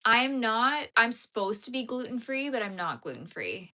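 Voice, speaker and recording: Woman, bright voice, casual livestream chat, answering viewer comments. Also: fairly high pitch, sing-song, moderate pace. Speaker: crochet livestream host.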